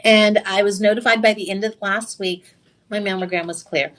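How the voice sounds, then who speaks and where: A woman presenting jewelry on live TV shopping, excitable and chatty, confiding personal stories and throwing sassy asides to viewers. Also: medium pitch, moderate pace. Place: TV shopping studio.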